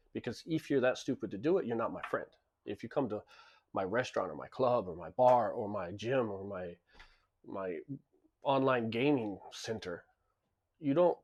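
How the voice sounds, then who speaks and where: A man's voice: on the low side, expressive, normal speed, darkish tone, slightly rough. A man who owns a club tells stories in a casual monologue, blunt and emphatic, often repeating words as he restarts sentences. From lives in Japan. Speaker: club and bar owner.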